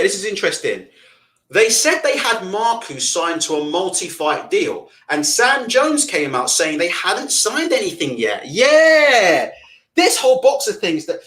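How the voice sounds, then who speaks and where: A man hosting a live boxing stream, reading viewer comments and ranting loudly in a deliberately amped-up, swearing way. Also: high voice. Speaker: boxing channel host.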